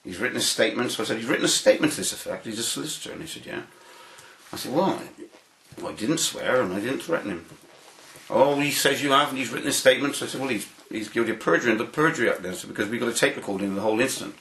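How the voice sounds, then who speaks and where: A man's voice: medium pitch, rapid-fire, bright, forceful tone, reverberant, low-quality recording. A man giving an interview, telling a long anecdote in a rambling way, with many restarts and fillers. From United Kingdom. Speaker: interview guest.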